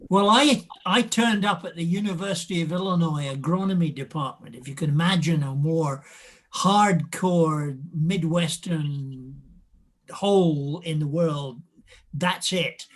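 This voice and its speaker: An older actor from Scotland in his seventies, talking in polished British Received Pronunciation with a fairly high voice. He spins anecdotes in a lively way and breaks into laughter often. He is on a video call. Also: measured pace. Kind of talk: casual chat.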